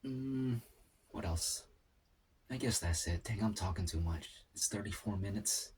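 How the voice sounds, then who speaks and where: A man talks casually to the camera while eating, letting his thoughts wander from one point to the next. His voice sits low. A faint hiss runs under the recording. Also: a little mellow. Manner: rambling, musing aloud with pauses. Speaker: mukbang vlogger. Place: home, at a table eating.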